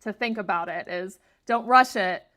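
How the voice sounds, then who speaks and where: A woman's voice: mid-range voice, a bit bright. A woman hosting a podcast interview, upbeat and encouraging, chatting casually with her guest. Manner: upbeat, encouraging, quick to laugh. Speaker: podcast host.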